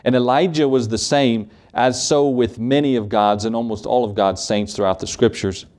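A man preaching a sermon in an emphatic, pulpit-style delivery. His voice sits at an ordinary middle pitch, and he keeps asking rhetorical questions as he drives his points home. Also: fairly even intonation, normal speed, darkish tone.

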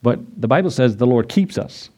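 Man preaching a lively conversational sermon. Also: medium pitch, a little fast, husky. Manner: conversational preaching, rising to excited emphasis. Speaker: pastor.

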